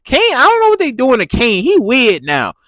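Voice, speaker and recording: Man, casual show recap, lively swinging voice, dry close sound, laughs a lot. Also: extremely high pitch, normal speed, no echo. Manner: animated, laughing, repeats himself. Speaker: TV recap vlogger.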